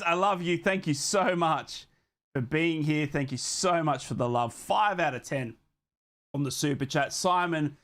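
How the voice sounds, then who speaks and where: An Australian man hosting a live football watchalong, calling the match with loud fan excitement and giving slangy thank-yous to his viewers. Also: a little high. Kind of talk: live fan commentary and stream sign-off.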